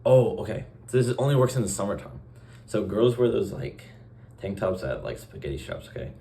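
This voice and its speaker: Young male vlogger, deep voice, rambling deadpan delivery with acted-out dialogue, faint room hum behind. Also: brisk. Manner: acts out short dialogue exchanges. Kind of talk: casual vlog monologue.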